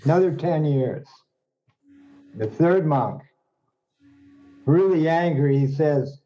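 Man, fairly high voice, slow joke-teller, muffled lo-fi sound. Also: animated. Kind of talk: joke telling. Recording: dull lo-fi audio.

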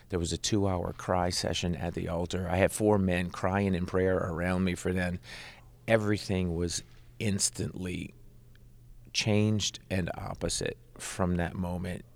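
A middle-aged man, a Christian rock musician, telling his personal testimony in an animated, conversational way. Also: low-pitched, measured pace, vocal fry. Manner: animated, conversational, leans on "right?".

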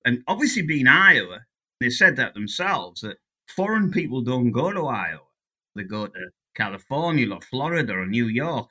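A man's voice: mid-range voice, big pitch swings, normal speed, sharp tone. An English man in his sixties, a guest economist telling stories in a chatty, anecdotal way during a casual interview. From England.

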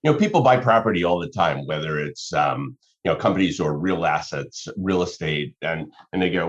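A man talks through business advice with a lively, rising-and-falling delivery, restarting phrases as he works through examples. The recording sounds dull and lo-fi. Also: deep voice, normal speed, few pauses. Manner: animated, explanatory, talks through examples with self-corrections. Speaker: business advisor. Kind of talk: conversational advice talk.

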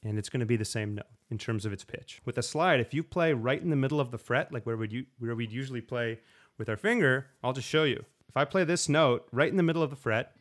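A man at a middle pitch talking in a relaxed, rambling way about playing guitar. He restarts his sentences often and sometimes acts out little quotes. His delivery is loose and conversational. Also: fast. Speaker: slide guitarist guest. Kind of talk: casual interview talk.

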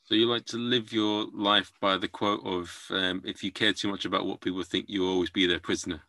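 Gravelly bright-voiced podcast host. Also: male voice, sits low, little pitch movement, brisk, no room sound. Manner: cheeky, jokey sign-off, plain-spoken. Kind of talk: casual podcast interview.

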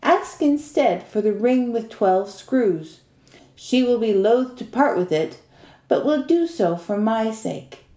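A woman's voice: a little high, lively intonation, slow, dark tone, echoey room. A woman voicing a magical young snake maiden who urgently begs and then gives earnest advice. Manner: imploring, urgent.

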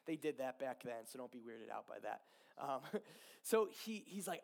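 A young preacher with a medium-pitched voice and vocal fry narrates a Bible story in a casual, animated way. He uses fillers and asides and quickly performs the characters' dialogue.

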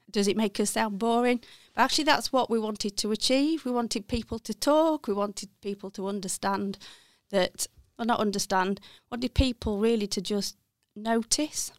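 A woman's voice: medium pitch, no echo, clean studio sound. A middle-aged woman with a Birmingham accent, speaking candidly as an interview guest, often correcting herself mid-sentence. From West Midlands, England. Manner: candid, self-correcting, laughs softly. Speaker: interview guest, accounting firm partner. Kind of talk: reflective interview chat.

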